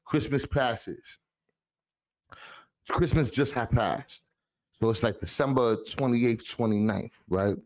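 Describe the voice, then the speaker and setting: A man's voice: mid-range voice, slow pace, long pauses, no echo. Streetwise New man telling a story. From the Bronx, New York. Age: 40s. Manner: streetwise slang, keeps asking "you heard?". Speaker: podcast guest. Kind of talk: casual storytelling.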